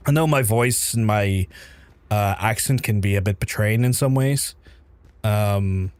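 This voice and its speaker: Softened Belfast accent, chatty streamer man. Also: on the low side, unhurried, clean tone, dry recording. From Northern Ireland. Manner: chatty, swears freely, reads out chat. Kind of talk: casual live-stream chat.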